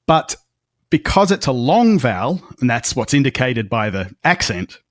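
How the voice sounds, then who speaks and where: A man's voice: medium pitch, big pitch swings, moderate pace, dry recording, clean studio sound. A man co-hosting a podcast, explaining pronunciation carefully like a lecture. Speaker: podcast co-host. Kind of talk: casual podcast chat.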